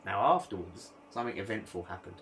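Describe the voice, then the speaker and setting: A man's voice: quick pace, vocal fry, slight background noise. A man, a podcast co-host telling a story in casual chat and acting out other people's lines. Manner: animated storyteller, mimics others in high voice.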